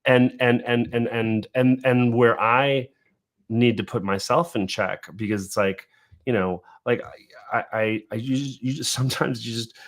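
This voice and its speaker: A man's voice: medium pitch, steady tone, normal speed. A man appearing as a guest on a podcast, talking earnestly and casually, repeating words as he gathers his thoughts and laughing easily. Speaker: interview guest, video creator. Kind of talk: casual conversational interview.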